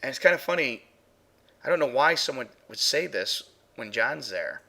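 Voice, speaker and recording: A man's voice: medium pitch, lively intonation, normal speed, vocal fry, bright, forceful tone. A man hosting a live paranormal stream, chatting casually as he plays and reviews audio clips with his chatroom. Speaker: paranormal show host.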